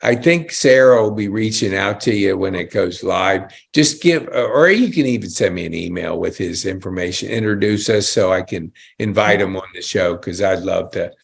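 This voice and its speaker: Chatty guy hosting a podcast, kinda raspy, gets excited a lot. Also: low voice, moderate pace, hardly any pauses. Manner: enthusiastic, chatty, exclamations. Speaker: podcast host. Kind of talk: casual interview chat.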